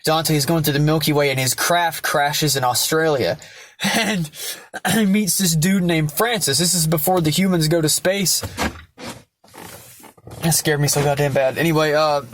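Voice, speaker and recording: A man's voice: a little high, a little hiss or hum. A young man casually and ramblingly retelling a story, swearing and using many fillers. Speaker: vlogger.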